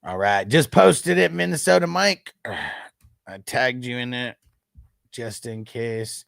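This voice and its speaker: A man's voice: mid-range voice, lively intonation, slow pace, creaky, a bit bright, no echo, clean studio sound. A man in his thirties hosting a fantasy football live stream, chatting casually, laughing and swearing. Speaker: fantasy football livestream host.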